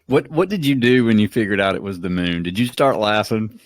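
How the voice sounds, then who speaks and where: A man co-hosting a podcast, telling stories in an animated, casual way. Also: fairly low pitch, fairly quick, no room sound. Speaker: podcast co-host.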